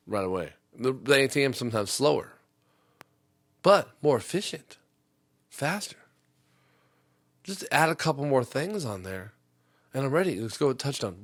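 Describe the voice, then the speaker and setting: A man's voice: mid-range voice, sing-song, normal speed, pauses often, dry recording. A male comedy podcast host riffing through a long rant, rambling and breaking into voices. His voice sits in a middle range, heard dry and close. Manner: rambling, jumping into impressions.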